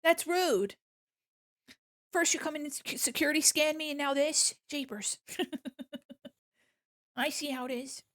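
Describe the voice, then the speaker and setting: A woman's voice: high-pitched, fairly even intonation, moderate pace, fairly bright tone, no echo, studio quality. A woman streaming while she draws, chatting casually with her viewers, playful and mock-offended, laughing often. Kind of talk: casual live-stream chat while drawing.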